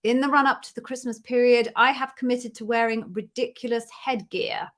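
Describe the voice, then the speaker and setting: A woman's voice: a little high, fairly even intonation, normal speed, fairly bright tone. A woman from the UK hosting a live Q&A stream, chatty and bubbly, greeting viewers by name in a casual way. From United Kingdom. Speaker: interview coach hosting a live Q&A. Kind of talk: casual livestream chat.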